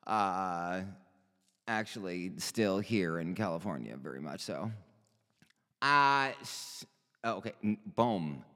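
A man rambles through a stand-up monologue, cutting himself off and laughing at his own jokes. His voice sits fairly low and he takes his time. The sound rings with the long reverb of a large hall. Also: lively intonation, slow, fairly bright tone. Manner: slips into put-on accents. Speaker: stand-up comedian. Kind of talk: improvised comic monologue.

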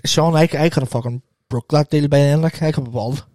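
A man's voice: on the high side, fast, dark tone, no echo. A man co-hosting a podcast, laid-back and tired, with dry quips. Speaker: podcast co-host. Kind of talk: casual chat. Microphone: podcast mic.

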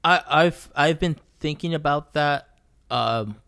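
Swearing, animated male artist on a podcast. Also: fairly high pitch, takes it slowly, vocal fry, no echo, clean studio sound. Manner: animated storyteller, acts out quoted voices, swears freely. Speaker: guest artist. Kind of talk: casual podcast chat.

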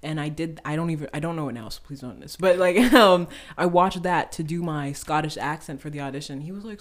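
A young woman with a somewhat low voice talks casually about acting as a podcast guest. She is animated and quick to laugh, and she fills her sentences with "like.". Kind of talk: casual conversation.

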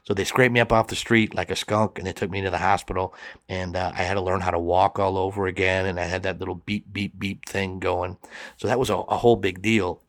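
Low-voiced man telling a wild story. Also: no echo. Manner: animated, acts out the quoted voices. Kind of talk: personal story told to a listener.

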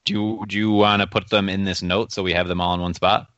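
A man's voice: low-pitched, little pitch movement, fast talker, fairly bright tone, no echo, lo-fi sound. A man co-hosting a casual podcast, teasing his friends and reading listener feedback aloud. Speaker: podcast co-host. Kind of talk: casual chat.

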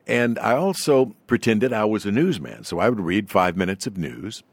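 An older man with a faint Southern accent, telling stories as an interview guest in a polished, unhurried announcer's delivery. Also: lowish voice, lively intonation, no room sound. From Southern United States. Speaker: guest, veteran broadcaster. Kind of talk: storytelling in an interview.

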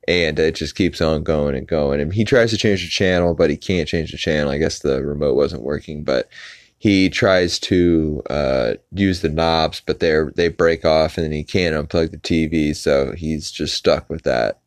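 Brief: deep-voiced male podcast host, rambling casual recap, dry recording. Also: normal speed, no echo. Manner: rambling with many filler "uh"s.

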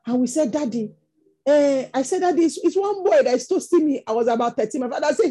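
A woman's voice: high voice, fast, mellow. A Nigerian woman preaching a sermon, telling stories that rise into impassioned exclamations. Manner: storytelling, rising to impassioned exclamations.

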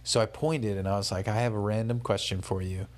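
A man's voice: fairly low pitch, fairly even intonation, a little fast. A young man talking through his day as a casual spoken travel diary, rambling and conversational, with many fillers and restarts. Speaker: travel vlogger.

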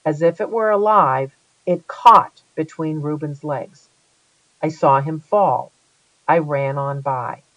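An audiobook reader telling a first-person story with a lively, dramatic delivery. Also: mid-range voice, slow pace, no room sound, muffled recording.

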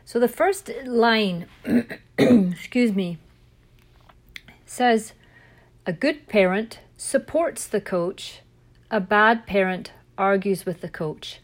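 A middle-aged woman hosting a parenting podcast, talking casually and telling stories, with a frog in her throat and the odd throat clear. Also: mid-range voice, lively intonation, slow, pauses often. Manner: chatty, self-correcting, storytelling. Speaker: podcast host and parent coach.

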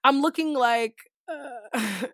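A young adult woman co-hosting a podcast, telling a story in a candid, animated way and swearing freely. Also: sits high, slow pace. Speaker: podcast co-host. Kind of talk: casual chat, storytelling.

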